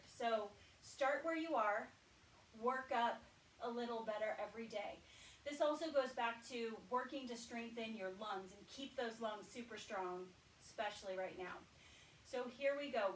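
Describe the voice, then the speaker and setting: Calm woman instructor in a roomy space. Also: on the high side. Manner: calm, encouraging, counts out breaths slowly. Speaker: exercise instructor. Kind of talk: guided breathing exercise class. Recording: roomy sound, voice from a distance, faint background noise.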